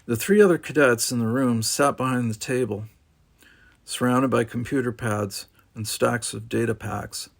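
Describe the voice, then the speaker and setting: A man's voice: medium pitch, moderate pace, vocal fry. A man reading a novel aloud, with wry casual asides. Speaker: audiobook narrator.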